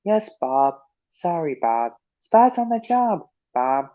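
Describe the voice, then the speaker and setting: A man's voice: on the high side, big pitch swings, slow, dark tone, pitched above the performer's own voice. A man voicing a cheeky, mischievous male scarecrow in a pleading, apologetic voice, as a fan impression of a cartoon. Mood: sheepish. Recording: lo-fi online voice chat.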